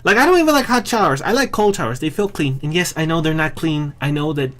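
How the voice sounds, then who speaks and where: A man's voice: a little high, lively intonation, fast, a bit bright. A man talking straight to camera in a casual, rambling vlog, self-deprecating and often restarting his sentences. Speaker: vlogger.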